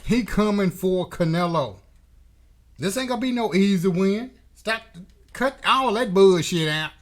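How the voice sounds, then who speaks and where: A man's voice: high-pitched, animated, unhurried. A man hosting a boxing commentary channel, delivering a blunt, profane, emphatic opinion rant.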